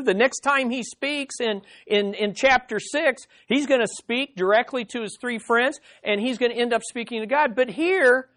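A mid-range, slightly bright voice belongs to a Bible teacher giving an emphatic lesson to a group in the room. Questions are often aimed directly at the audience, and words get repeated for emphasis.

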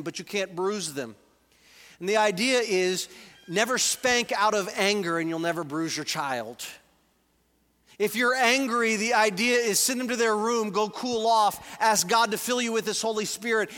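A male pastor in his forties preaches with an earnest, conversational warmth, reading scripture aloud and unpacking it. His voice sits high and bright. The sound carries a long church-hall reverb. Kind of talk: sermon. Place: church sanctuary.

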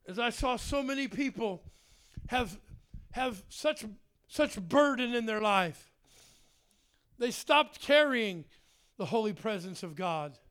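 A man leads a charismatic sermon in a high, ringing voice. His tone is smooth and resonant. He moves between fervent, pressing prayer and relaxed, folksy storytelling. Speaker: preacher.

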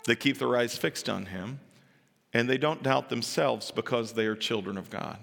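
A man preaching a sermon to his church, telling a story with animated acted-out voices and building to emphatic peaks. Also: mid-range voice, moderate pace, vocal fry, long reverb tail. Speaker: pastor.

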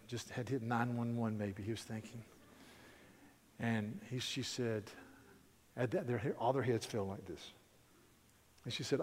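Male pastor, mid-range voice, chatty animated sermon delivery, reverberant church sound. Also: medium pitch, measured pace, long pauses. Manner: conversational, animated, frequent restarts. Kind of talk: sermon with storytelling. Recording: hall reverb.

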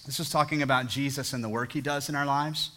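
In a church sanctuary, a pastor in his thirties preaches an earnest sermon, telling stories with dramatic voiced quotes. His medium-pitched voice is fast, pushed and bright, with fairly even intonation.

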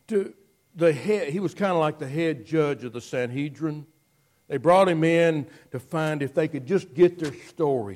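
A man preaching a sermon, telling the story dramatically and moving between hushed passages and loud ones. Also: medium pitch.

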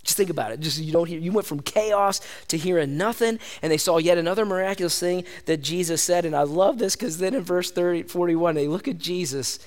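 High-voiced man preaching a lively sermon. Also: fairly quick, hardly any pauses. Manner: animated, conversational preaching, calls the audience "gang". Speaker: pastor.

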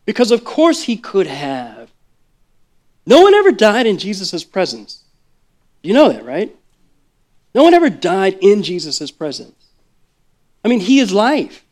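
A man preaching a sermon in a conversational, animated way, full of asides and acted-out quotes. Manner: acts out quoted speech with big pitch jumps. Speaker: worship leader preaching.

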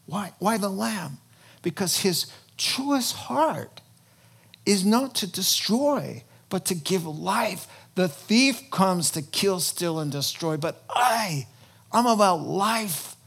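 A man preaching a sermon in an animated, conversational way, breaking into sudden loud emphasis. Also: sits high, slow, gravelly, husky. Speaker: pastor.

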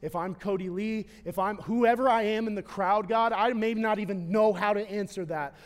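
A man preaching in a church with a high voice for a man. He swings from loud, fervent declarations down to hushed, tender prayer. His voice rings out with a long reverb in a big hall. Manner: impassioned, swells louder and higher at key points, then drops quiet. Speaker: pastor. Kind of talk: sermon.

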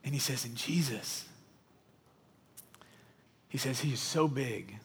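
A male pastor preaches with earnest conviction, often dropping his voice low and quiet. His pitch sits in an ordinary middle range. The sound carries the long reverb of a large hall. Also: slow pace, breathy edge. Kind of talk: sermon with storytelling.

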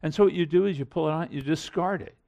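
A man's voice: on the high side, fast talker, gravelly, dark tone. A middle-aged man preaching a sermon in an earnest, conversational way, building to emphatic points. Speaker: pastor.

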